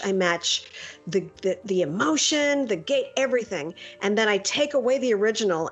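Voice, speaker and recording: A middle-aged woman, a voice actress, telling a story in a casual interview and acting out the lines she quotes. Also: mid-range voice. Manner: lively anecdotal, acts out quoted lines. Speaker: voice actress guest.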